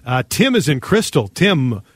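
A man hosts a call-in radio show. He jokes around and reads listener texts in a relaxed way. The studio sound is dry and close. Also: medium pitch, unhurried, husky, no echo. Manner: casual, joking, reads texts aloud. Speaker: radio host. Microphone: studio microphone.

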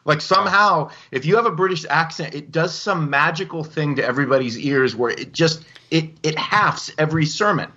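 A man co-hosting a podcast in casual chat, laid-back and animated, calling everyone "dude". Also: on the high side, brisk, hardly any pauses. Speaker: podcast co-host. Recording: dull lo-fi sound.

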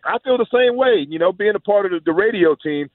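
Former player turned radio analyst, brisk and loose, tinny phone-line sound, dry. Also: male voice, sits high, lively intonation, no room sound. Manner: easygoing, repeats "man" and "you know". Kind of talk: casual sports chat.

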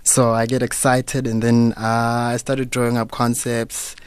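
A young South African man, a business owner being interviewed on radio, relaxed and casual, laughing easily. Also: medium pitch, a little slow, clean tone, dry recording. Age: young adult. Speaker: guest entrepreneur. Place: radio studio.

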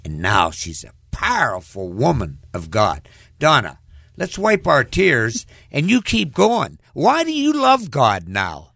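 A male host talks straight to his listeners, emotional and preacherly. He speaks slowly, with a gravelly voice and a pitch that rises and falls widely. The sound is close and dry. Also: wildly swooping pitch, a bit bright, no room sound. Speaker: talk show host.

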